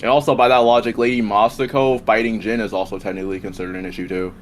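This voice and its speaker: A man's voice: fairly low pitch, little pitch movement, quick pace, a little hiss or hum. A man making a rambling, repeating case in a casual debate over a voice call. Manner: rambling, repeats and restarts while arguing.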